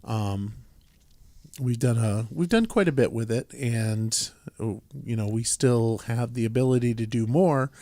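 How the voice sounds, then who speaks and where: A man's voice: mid-range voice, a little slow, warm tone, no room sound. A man co-hosting a podcast, talking casually through council business with many fillers and restarts and a dry sense of humor. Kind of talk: casual chat, reading a council resolution aloud.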